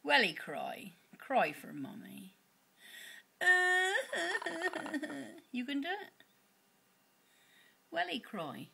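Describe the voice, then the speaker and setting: A woman's voice: on the high side, wildly swooping pitch, takes it slowly, gravelly, pauses often, bright, forceful tone. A woman, casually coaxing her parrot to talk in a sing-song pet voice, recorded on a home video. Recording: noisy home video with background noise.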